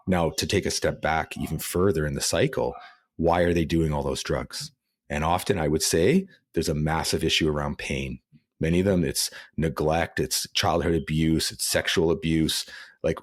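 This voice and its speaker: A man's voice: low-pitched, dry recording, clean studio sound. A man, a police officer and author, speaking earnestly as a podcast guest, rising when he quotes what he told people. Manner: earnest, speeds up and rises when quoting himself. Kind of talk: podcast interview.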